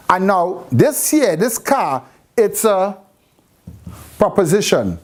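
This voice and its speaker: A woman's voice: mid-range voice, big pitch swings, slow pace, pauses often. A woman teaching a Bible class, repeating phrases and quizzing her students with questions. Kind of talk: interactive scripture class.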